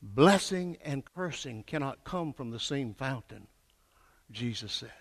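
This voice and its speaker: An older man preaching a fervent sermon, swinging from hushed lines to shouted peaks and calling for answers from the congregation. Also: medium pitch, animated, unhurried, gravelly. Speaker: pastor. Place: church sanctuary. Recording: echoey church hall.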